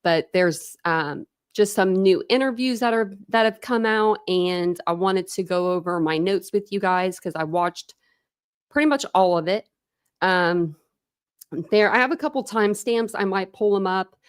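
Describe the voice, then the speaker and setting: A woman's voice: medium pitch, unhurried, clear, resonant tone, dry recording, studio quality. A woman in her thirties hosting a casual true crime livestream, chatting and greeting viewers by name.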